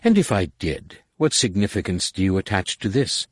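A man voicing an enigmatic, mocking female alien in an audiobook, speaking slowly and cryptically. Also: sits low, very animated, dry recording, studio quality. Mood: calm mocking. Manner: slow, measured, cryptic. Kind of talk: audiobook narration.

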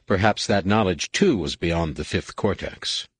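A low-voiced man reads a science fiction audiobook in a measured, steady voice. His tone is husky, and the close recording is dry, with no room sound. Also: dry recording. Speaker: audiobook narrator. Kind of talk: scripted sci-fi narration.

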